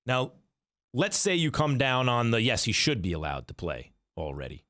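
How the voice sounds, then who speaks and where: A man's voice: mid-range voice, moderate pace, dry recording, clean studio sound. A middle-aged man hosting sports talk radio, arguing his takes with rhetorical questions. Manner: argumentative, rhetorical questions, animated delivery.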